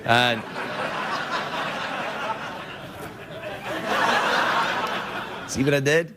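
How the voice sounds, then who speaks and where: A man hosting a late-night talk show, rambling through viewer emails with a jokey, playful manner. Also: huge pitch swings. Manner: playful, rambling, jokey, quick pitch jumps. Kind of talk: comic monologue reading viewer emails. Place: TV studio with live audience. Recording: broadcast with loud audience laughter and noise.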